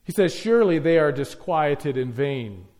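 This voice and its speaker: Guy preaching a sermon, kinda high voice, punchy lists and questions. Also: lively intonation, moderate pace, a little mellow. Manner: emphatic, repetitive lists, rhetorical questions.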